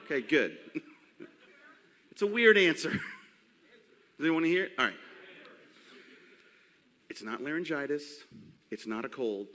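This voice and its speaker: Man in his forties, bright cracking voice, lively comic panel host, echoey hall. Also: a little high, measured pace, long pauses. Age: 40s. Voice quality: voice cracking, unsteady. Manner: joking, rambling, crude. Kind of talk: comedic live panel talk. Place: convention stage before a crowd. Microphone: handheld mic.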